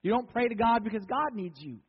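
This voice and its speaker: A man's voice: very high voice, lively intonation, fairly quick, breathy edge. A man preaching a sermon in a church, repeating key words for emphasis. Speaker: pastor. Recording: dull, echoey church recording.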